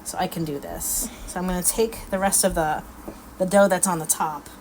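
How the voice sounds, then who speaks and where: A woman's voice: fairly low pitch, normal speed. A middle-aged woman, chatting folksily and laughing as she demonstrates a recipe in her home kitchen. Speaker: cooking vlog host. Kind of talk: casual cooking demonstration. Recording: loud background noise.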